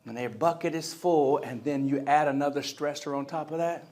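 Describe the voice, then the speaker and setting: A man delivering a motivational keynote in a convention center hall, his voice sitting a bit higher than most men's. He speaks with energy, keeps checking in with the crowd, and drops into other people's voices to act out little scenes. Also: moderate pace. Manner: energetic, call-and-response with the crowd; acts out quoted voices. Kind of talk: live keynote speech to an audience.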